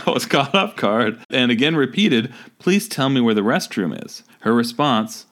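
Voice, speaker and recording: A man's voice: mid-range voice, sing-song, unhurried, a bit bright. A man co-hosting a comedic podcast, reading a review aloud with lots of laughter and acted-out quotes. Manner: laughs often, acts out quoted lines. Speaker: podcast co-host.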